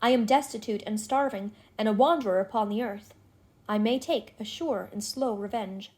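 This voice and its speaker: A woman voicing a destitute, menacing male stranger who speaks in low, urgent, threatening tones. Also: normal speed, darkish tone, lightly acted.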